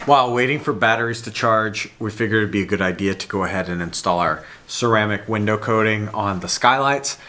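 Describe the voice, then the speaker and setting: A man's voice: fairly low pitch, fairly quick, hardly any pauses. A man casually explaining a bus build in a matter-of-fact, wry way. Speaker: vlogger and builder. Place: inside a bus under construction. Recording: echoey room with noise.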